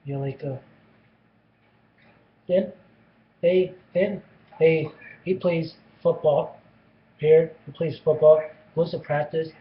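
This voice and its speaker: A man's voice: on the high side, steady tone, slow pace, long pauses, phone-quality sound. A man retelling a movie's plot in a casual, rambling way, with constant restarts and repeated phrases. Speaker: movie reviewer.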